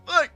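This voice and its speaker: A woman streamer telling a story in casual chat, animated, laughing often and swearing freely. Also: creaky, no echo. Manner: quotes people in big high-pitched voices.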